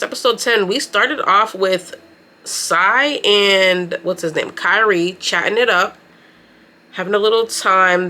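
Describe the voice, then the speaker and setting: Bright-voiced woman, chatty and slangy. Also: fairly low pitch. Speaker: beauty and anime vlogger. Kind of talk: casual recap commentary while doing makeup.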